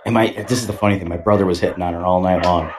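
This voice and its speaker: A man's voice: sits low, fairly even intonation, rapid-fire, darkish tone, slight background noise. A man co-hosting a podcast in crude casual chat, telling loose anecdotes with many restarts and frequent laughter. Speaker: podcast co-host.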